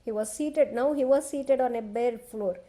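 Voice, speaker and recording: A woman retelling a sacred epic in a devotional discourse, talking conversationally and pausing to explain for children. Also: a little high, warm tone. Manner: conversational, explains to children, frequent restarts and "okay". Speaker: scripture storyteller.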